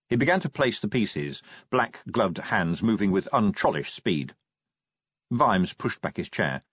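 A man narrating an audiobook in a steady storytelling manner. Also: fairly low pitch, measured pace, slightly rough, no room sound, dull audio. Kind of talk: scripted narration.

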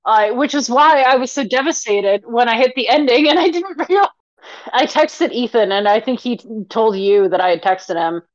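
Chatty higher-voiced woman co-host. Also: lively intonation, normal speed, dry recording, muffled recording. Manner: chatty, leans on "like" as a filler. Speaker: podcast co-host. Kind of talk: casual chat.

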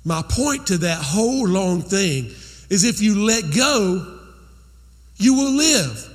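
A man's voice: high-pitched, sing-song, slow, long reverb tail. A man preaching a sermon as pastor, conversational and repeating phrases for emphasis.

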